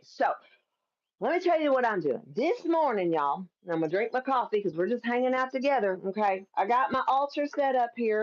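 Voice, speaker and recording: A talkative woman hosts a casual live stream, speaking emphatically and laughing often between points. Her voice sits in a middle pitch, and the sound is a bit dull and lo-fi, like a phone stream. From Kentucky. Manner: chatty and emphatic, laughs often, swears freely. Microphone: phone or camera on a live stream.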